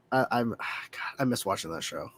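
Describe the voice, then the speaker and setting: A man in casual chat as a panelist on a fan show, talking excitedly with fillers. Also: mid-range voice, normal speed, no echo. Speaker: podcast panelist.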